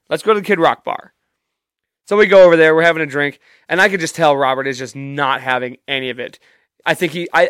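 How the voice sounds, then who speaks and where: A man's voice: on the high side, fairly bright tone, clean tone, no room sound, clean studio sound. A young man telling a rambling, profane story in a casual, self-amused way.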